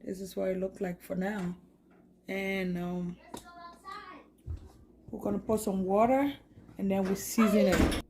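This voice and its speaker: A woman's voice: mid-range voice, fairly even intonation, unhurried, pauses often, background noise. A woman chatting casually as she cooks in her home kitchen, naming each step as she goes. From Liberia. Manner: chatty, narrates each step while cooking. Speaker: cooking vlogger. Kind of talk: casual cooking chat.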